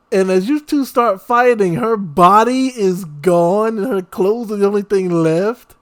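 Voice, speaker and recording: A man hosting a horror reaction video, ranting in an exasperated, casual way about the characters' poor choices. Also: high-pitched.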